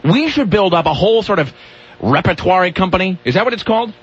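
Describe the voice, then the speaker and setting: A man's voice: sits high, very animated, fast talker, breathy edge. A man hosting a radio show, talking in a rambling way with restarts and grumpy rants. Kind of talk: casual radio banter. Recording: dull lo-fi radio broadcast.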